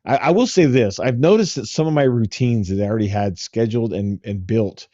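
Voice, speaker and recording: A man co-hosting a tech podcast in casual, relaxed chat, rambling with fillers. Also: mid-range voice, fairly quick, no echo, muffled recording. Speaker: podcast co-host.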